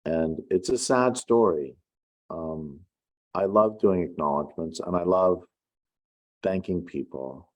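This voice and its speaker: A middle-aged man, an author, telling a story in an unhurried, reflective way with wry asides. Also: deep voice, highs cut off. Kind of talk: casual spoken essay.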